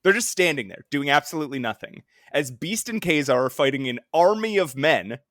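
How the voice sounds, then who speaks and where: Guy cohosting a comics podcast, lively bouncy voice, dry close sound, keeps laughing. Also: on the high side, a little fast, no echo. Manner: animated, laughs often, acts out quoted lines. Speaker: podcast co-host. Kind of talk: casual chat about comics.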